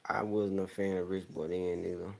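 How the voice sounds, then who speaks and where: Low gravelly Southern country man. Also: moderate pace. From American South. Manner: relaxed, rambling, laughs often, slurs words a little. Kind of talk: casual chat.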